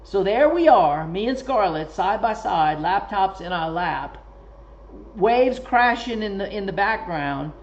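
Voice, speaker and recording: A man as a guest author in a casual interview, telling stories in a lively way and acting out what others said. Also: high-pitched, a little slow. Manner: animated, lively storyteller who acts out quoted speech. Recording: dull lo-fi recording.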